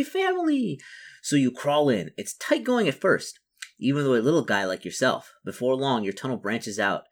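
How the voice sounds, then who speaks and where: A man with a lowish, fairly bright voice reads a solo fantasy gamebook aloud, narrating and musing over his choices in a chatty, self-correcting way.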